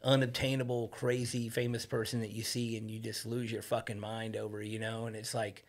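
A man's voice: fairly low pitch, little pitch movement, a little fast. A man on a podcast, talking casually as a guest, swearing freely and acting out quotes as he tells his stories. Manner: loose storyteller, swears freely, acts out quotes. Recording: podcast studio.

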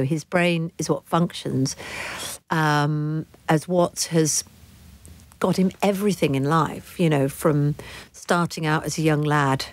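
A middle-aged woman as an interview guest, speaking candidly in a halting, reflective way with frequent restarts. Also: deep voice, no echo.

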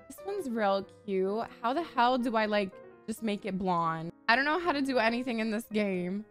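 A young woman giving sassy, profane, excitable gameplay commentary, gasping often as she plays. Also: a little high, normal speed, faint music behind. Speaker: gaming YouTuber.

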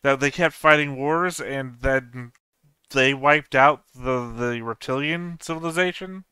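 Male reaction host, clear smooth voice, casual musing delivery. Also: mid-range voice, unhurried, sharp tone, no echo. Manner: thinking aloud, puzzling over theories. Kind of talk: casual solo reaction commentary.

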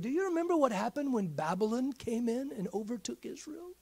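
A man preaching a midweek sermon in a church, swinging from hushed whispers up to shouts. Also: extremely high pitch, big pitch swings, a little fast, few pauses, breathy edge. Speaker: pastor.

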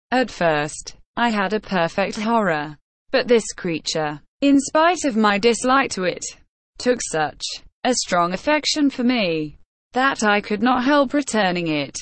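A woman's voice: medium pitch, dry recording. A woman reading as a resolute young woman. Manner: clear and firm. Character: pale, resolute young woman, loyal and serious.

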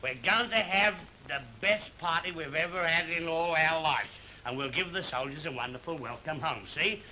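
A man's voice: fairly high pitch, normal speed, sharp tone, slight background noise, poor audio. A boisterous cockney-style king. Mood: cheery. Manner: chatty, bossy, full of slang. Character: excitable working-class man made king, cheeky and boisterous.

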